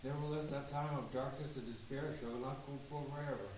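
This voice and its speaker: A man's voice: medium pitch, steady tone, quick pace, noisy background. Distant man reading in a very echoey room. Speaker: group member reading scripture. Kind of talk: reading aloud.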